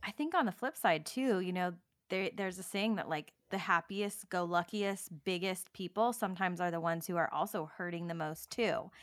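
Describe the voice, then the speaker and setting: A woman's voice: fairly low pitch, moderate pace, few pauses, no room sound, clean studio sound. A woman co-hosting a casual podcast, speaking earnestly with frequent "like"s and easy laughter. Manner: earnest, laughs often, says "like" a lot. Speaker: podcast co-host. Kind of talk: casual chat.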